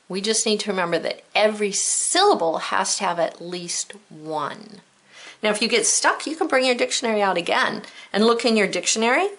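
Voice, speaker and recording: A woman's voice: mid-range voice, a bit bright. A woman teacher giving a recorded spelling lesson to children, patient and encouraging, stretching out the sounds of words.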